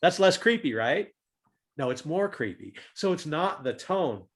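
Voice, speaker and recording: A man giving a talk on humor and leadership over a video call, animated and fond of loud acted-out demonstrations. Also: on the high side, unhurried.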